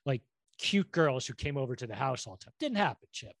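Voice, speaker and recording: A middle-aged man co-hosting a podcast in casual chat, quick with asides and jokes. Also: medium pitch, big pitch swings, creaky, fairly bright tone, no echo, clean studio sound. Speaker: podcast co-host.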